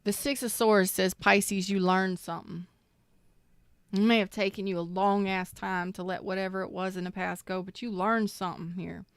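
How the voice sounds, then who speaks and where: A woman's voice: medium pitch, fairly even intonation, moderate pace, clean tone, no echo. A woman giving a live tarot reading, emphatic and preachy, swearing freely and close to tears. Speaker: tarot reader.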